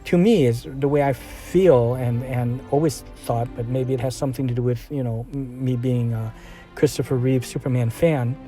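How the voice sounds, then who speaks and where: A man's voice: mid-range voice, steady tone, normal speed, mellow, faint music behind. A man giving a casual, rambling film review, full of fillers, restarts and trailing sentences.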